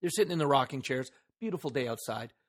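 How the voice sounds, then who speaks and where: A man's voice: mid-range voice, lively intonation, quick pace. A man hosting a solo motivational podcast who talks earnestly into a microphone, leans hard on key words and asks the listener rhetorical questions. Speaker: podcast host.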